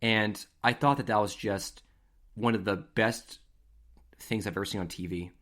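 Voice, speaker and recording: A man hosting a podcast, telling stories in a casual, animated, conversational way. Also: lowish voice, normal speed. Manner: animated, conversational, acts out scenes. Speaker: podcast host. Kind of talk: casual storytelling.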